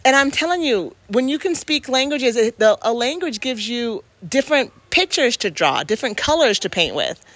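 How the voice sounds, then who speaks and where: A woman's voice: on the high side, big pitch swings, normal speed, hardly any pauses, fairly bright tone, no echo. A woman in casual reflective talk, speaking earnestly and emphatically and restarting her sentences as she thinks aloud.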